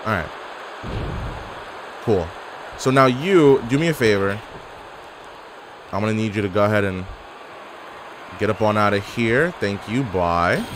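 A man's voice: on the low side, lively intonation, measured pace, pauses often, background noise. A man giving casual gameplay commentary, exclaiming and throwing out playful trash talk. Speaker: gaming YouTuber.

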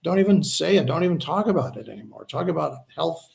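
A man, a spiritual healer, earnestly explaining his ideas in a conversational interview, slowing down to stress points. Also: a little high, expressive, creaky, darkish tone, slight background noise. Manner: earnest, slows down to stress points, acts out quoted voices.

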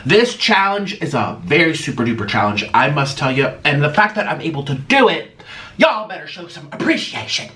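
Campy guy vlogging, super bright voice, bouncy up and down pitch. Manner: campy, theatrical, playful. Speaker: mukbang vlogger. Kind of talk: sponsored vlog chat.

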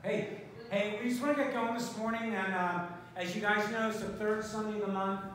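A man's voice: high-pitched, steady tone, fairly quick, a bit bright. A man speaking as a pastor, giving casual announcements and a short sermon, chatty and rambling with lots of fillers. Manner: conversational, rambling with many fillers. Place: church sanctuary. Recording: echoey sanctuary from a distance, faint noise.

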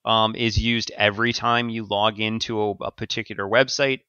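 A man's voice: lowish voice, level tone, normal speed, sharp tone, clear, resonant tone, dry recording, muffled recording. A man co-hosting a podcast, explaining security news casually with fillers and easy laughs. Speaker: podcast co-host.

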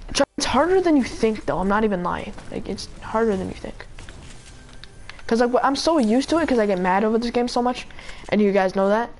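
A woman's voice: a little high, animated, a little fast, a little mellow. Rambling young woman streamer, faint hiss. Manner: rambling, self-mocking, peppered with "like". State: voice going hoarse and odd. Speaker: game streamer. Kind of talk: casual live-stream chatter while gaming.

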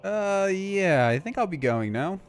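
A curious female adventurer from a fantasy role-playing game asks plain questions, read aloud by a man. The voice is a little high and lively, with soft background music. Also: unhurried, smooth.

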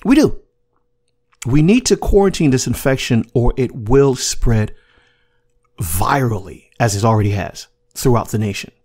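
Emphatic man with a lively voice. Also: medium pitch, measured pace. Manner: emphatic, repetitive, profane. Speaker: podcast host. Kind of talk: casual commentary monologue.

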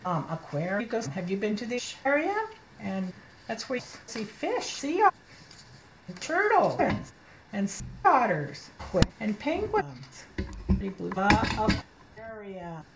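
A woman teaching young children to read, sounding out letters slowly and cheering them on through a read-aloud lesson. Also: mid-range voice, very animated, roomy sound, noisy background. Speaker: reading teacher.

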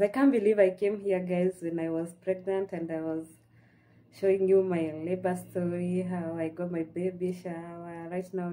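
A woman's voice: on the low side, dark tone. A woman with a Kenyan accent chatting to her viewers in a casual, heartfelt vlog, dropping in Swahili phrases. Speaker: vlogger. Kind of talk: casual chat to camera.

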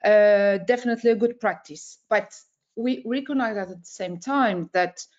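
A woman's voice: medium pitch, moderate pace, darkish tone, muffled recording. Woman hosting a webinar, hesitant. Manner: hesitant, many filler sounds. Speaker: webinar host. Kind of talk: opening remarks at an online webinar. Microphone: video call.

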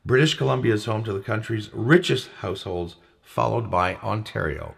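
Gravelly man co-hosting a chat show. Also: fairly low pitch, moderate pace, a bit bright. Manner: reads out facts and list items, chuckling often. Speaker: co-host. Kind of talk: casual talk show chat.

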